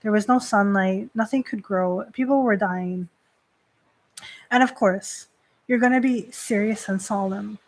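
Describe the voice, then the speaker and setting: A woman's voice: mid-range voice, a little slow, poor audio. Chatty woman priestess hosting a stream. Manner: chatty, heavy use of "like" fillers. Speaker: Shinto priestess and host. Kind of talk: casual live-stream talk on religion.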